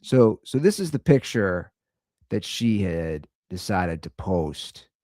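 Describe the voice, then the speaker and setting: American male podcast host in his thirties, lively casual rant, dry room. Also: slow pace, no echo. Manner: animated, acts out quotes in higher voices.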